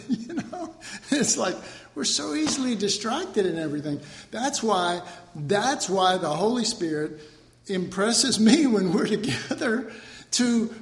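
High-voiced preacher, slow and echoey. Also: male voice, animated, a bit bright. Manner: conversational, self-correcting, joking asides and mock quotes. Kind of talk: informal sermon.

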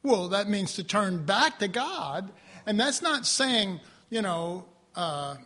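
A man teaching the Bible in an earnest, animated, conversational way, often clearing his throat. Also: high-pitched, slow pace. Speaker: preacher.

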